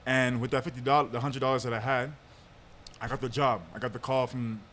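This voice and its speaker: A young podcast host tells a long personal story in a laid-back, casual way, laughing often and using lots of fillers. His mid-range voice is level in tone, fairly bright and a little fast, with slight background noise.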